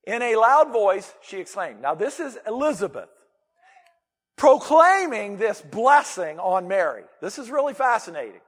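A man with a high voice preaches a sermon as pastor. He talks in a conversational, emphatic way with playful asides. His voice rings with the long reverb of a large church sanctuary. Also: expressive, moderate pace.

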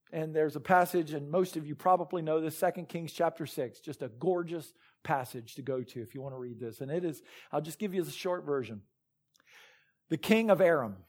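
High-voiced male pastor preaching. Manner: earnest, retells scripture stories with rising emphasis. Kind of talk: sermon.

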